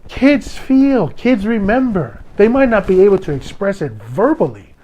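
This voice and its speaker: A man's voice: high voice, sing-song, moderate pace, warm tone. Hawaiian man telling a heated story. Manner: emotional storytelling, restarts, quotes others in raised voice. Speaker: podcast host. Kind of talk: casual monologue podcast.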